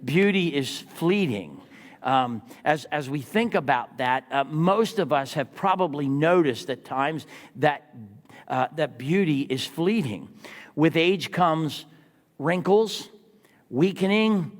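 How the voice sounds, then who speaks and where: A man in his sixties preaching from the pulpit with a high, lively voice that swings up and down as he tells stories. He keeps turning to the congregation with rhetorical questions. The sound carries a long church reverb. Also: slow. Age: 60s. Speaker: pastor. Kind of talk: sermon. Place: church sanctuary.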